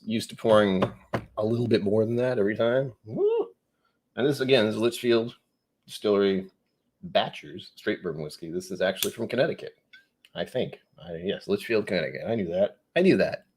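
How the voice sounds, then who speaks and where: With a lowish voice and darkish tone, a man hosts a live whiskey tasting stream over slight background noise. He chats casually and rambles, joking about himself while reading viewer comments aloud.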